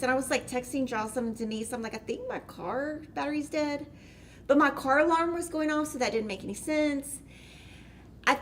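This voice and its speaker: A middle-aged woman tells a long, rambling story in a casual, animated way, full of "like" and asides. Her voice sits a little high. A faint background hiss is audible. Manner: chatty, rambling, lots of "like". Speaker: host.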